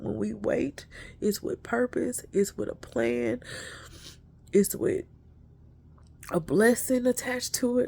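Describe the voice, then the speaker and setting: A woman speaks in an emotional, earnest voice, encouraging her listeners like a preacher. Her voice is heavily gravelly and dark, set a little high. A faint low rumble sits behind her. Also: fairly even intonation, takes it slowly, long pauses. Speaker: inspirational speaker. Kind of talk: spiritual encouragement talk.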